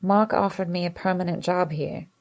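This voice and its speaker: A woman reading as a weary, soft-spoken young man. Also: fairly even intonation, normal speed, close to an everyday voice. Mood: tired, apologetic. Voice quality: soft, hushed and low. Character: tired young man, gentle and apologetic boyfriend.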